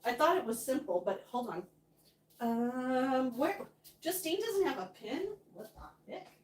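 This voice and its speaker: A woman's voice: high voice, animated, a little slow. A woman cooking at home, chatting casually with her viewers and thinking aloud, humming to herself between remarks. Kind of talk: casual chat while cooking, reading viewer comments.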